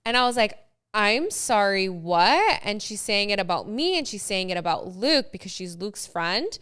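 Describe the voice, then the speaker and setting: A young woman co-hosts a podcast in a casual chat, telling her story in an animated way and acting out what people said. Her voice is bright and very clear, and "like" comes up often. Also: mid-range voice, brisk. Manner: animated storytelling, acts out quotes, frequent "like". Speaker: podcast co-host.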